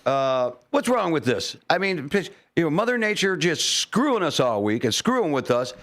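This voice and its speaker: A man's voice: on the high side, big pitch swings, normal speed, a bit bright. A man co-hosting morning radio in a studio, ranting in an exasperated, theatrical way. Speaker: radio co-host. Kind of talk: comic rant on morning radio.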